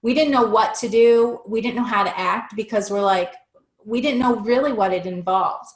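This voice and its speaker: Animated storytelling woman, echoey room. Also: on the high side, normal speed. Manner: animated, acts out quoted dialogue. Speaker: interview guest. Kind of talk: personal storytelling in conversation. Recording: roomy echo.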